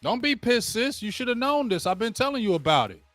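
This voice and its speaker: A man's voice: extremely high pitch, very animated, a little fast, fairly bright tone, no echo, soft background music. A man hosting a sports show, ranting casually and talking straight to his viewers during a live game watch-along. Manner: ranting, addresses viewers directly; casual slangy talk. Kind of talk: live play-by-play rant while watching a game.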